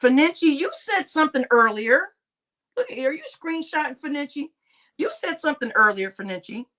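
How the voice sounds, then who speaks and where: A woman's voice: sits high, very animated, moderate pace, a bit bright. A woman hosting a casual live stream, chatting and laughing with her viewers and addressing them as y'all. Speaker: livestream host.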